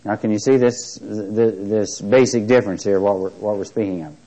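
A man's voice: fairly low pitch, fairly even intonation, normal speed, mellow. An older man preaching a sermon, emphatic and lifting his voice to stress key words. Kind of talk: sermon on prophecy. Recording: dull lo-fi recording.

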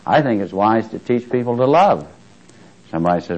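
A man's voice: fairly low pitch, sing-song, moderate pace, a little mellow, highs cut off. A man preaching a sermon in a conversational way, questioning his listeners and swelling on key words. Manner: conversational, asks the congregation questions.

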